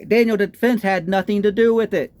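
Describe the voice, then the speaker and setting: A man's voice: high voice, steady tone, a little fast, darkish tone, dry recording. A man with a Texan accent ranting in a political commentary, indignant and firing off repeated rhetorical questions. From Texas. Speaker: political vlogger.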